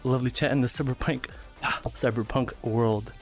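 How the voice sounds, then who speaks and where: A man's voice: medium pitch, fairly quick, few pauses, faint music behind. Breathless young man chatting on stream. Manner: chatty, giggly, animated, reads chat aloud. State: out of breath from dancing. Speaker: livestreamer. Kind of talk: casual live-stream chat.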